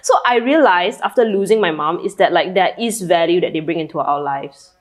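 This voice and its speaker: Brief: young Malaysian woman co-host, lower voice, candid and reflective in casual chat. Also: a little fast. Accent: Malaysian English. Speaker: podcast co-host.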